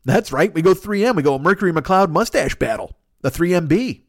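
A man's voice: high voice, animated, fairly quick, dry recording, studio quality. A man hosting a solo podcast, rambling and swearing freely as he riffs in a casual monologue. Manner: profane, rambling, riffing with voiced asides. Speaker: podcast host.

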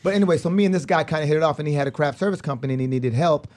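A man chatting casually on a podcast, telling stories in a fast, animated way with lots of restarts. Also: fairly high pitch.

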